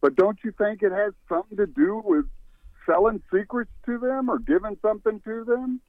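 A man's voice: sits high, normal speed, no echo. A man calling into a talk show by phone, chatty and a little hesitant. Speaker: caller. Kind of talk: call-in question. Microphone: telephone. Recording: tinny phone line.

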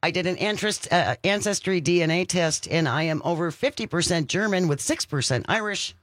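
A man hosting a call-in radio show, chatting casually and slowing down to read out the phone number. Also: high-pitched, fairly bright tone, no room sound, studio quality. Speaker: radio talk show host.

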